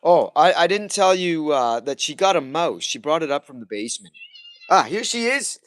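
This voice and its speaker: A man's voice: fairly high pitch, lively intonation, brisk. A man hosting a casual livestream from his home kitchen, rambling chattily and talking to his pets along the way. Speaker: livestream host.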